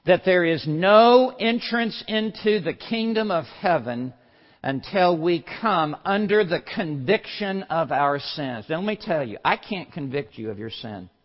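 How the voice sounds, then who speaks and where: A male preacher with a fairly high voice delivers a slow, weighty sermon, dropping to a hush and then rising to loud, forceful cries. The recording is muffled, and a long hall echo trails each phrase. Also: lively intonation. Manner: swings from low and hushed to loud, forceful exclamations; slow, deliberate emphasis on single words. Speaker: pastor.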